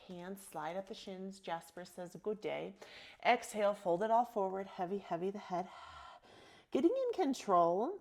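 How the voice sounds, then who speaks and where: A woman's voice: mid-range voice, a little mellow. Encouraging woman guiding a yoga class. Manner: soothing, encouraging, calls out breath cues. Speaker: yoga instructor. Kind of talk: guided yoga class cues.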